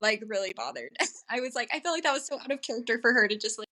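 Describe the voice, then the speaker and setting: A woman's voice: fairly high pitch, animated, fast talker, sharp tone. A woman guest in a casual podcast chat, gushing and chatty with many filler words.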